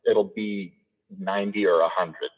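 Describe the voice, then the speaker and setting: A man's voice: deep voice, fairly even intonation, measured pace. A man with an Idaho American accent, an audiobook narrator, answering interview questions in an easygoing way with frequent chuckles and restarts. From Idaho, USA. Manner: easygoing, chuckling, repeats words when starting. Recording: tinny call audio echoing in a hall.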